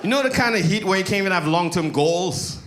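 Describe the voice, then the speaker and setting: Give me a high-pitched stand-up comic from Saint Lucia, laughing through his lines in a roomy club. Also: lively intonation, quick pace, noisy background. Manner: loose, laughing, mocking voices. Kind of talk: stand-up set. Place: comedy stage before live audience. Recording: echoey club with loud crowd.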